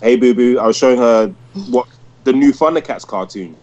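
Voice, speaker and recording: A man's voice: medium pitch, a little fast, dark tone, highs cut off. Rambling man on a podcast. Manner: rambling storyteller, heavy use of "like". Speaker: podcast co-host. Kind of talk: casual chat.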